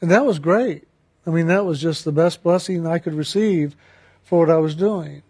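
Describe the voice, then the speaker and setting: A man with a fairly high voice shares a personal story in an earnest, reflective way. He slows down to stress the key phrases as he draws a spiritual lesson from it. He talks in an unhurried storytelling manner. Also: dark tone, slightly rough.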